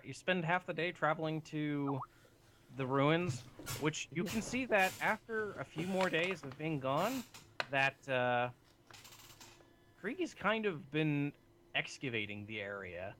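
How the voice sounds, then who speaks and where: A man's voice: on the high side, takes it slowly, noisy background. Laid-back man running a tabletop game. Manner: relaxed, matter-of-fact rulings. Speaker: game master. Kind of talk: narrating a tabletop game over voice chat.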